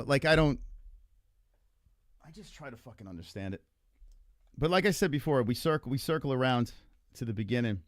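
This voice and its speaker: This young podcast host's voice sits on the low side, recorded clean in a studio with no room sound. Rambling and exasperated on a casual livestream chat, he swears frequently while wondering why everyone gets so angry.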